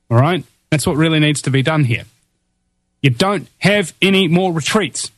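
A man's voice: fairly high pitch, no room sound. Impassioned male radio talk host. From New Zealand. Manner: impassioned, rallying, many restarts and fillers. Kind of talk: political talk radio monologue.

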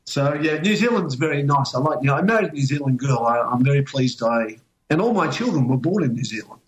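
An older Australian man swaps stories in a relaxed chat. He wanders through long anecdotes, doubling back and restarting as he remembers details. His pitch sits at an ordinary middle level. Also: fairly quick, low-quality recording. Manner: rambling anecdotal storytelling with many restarts. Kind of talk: casual chat.

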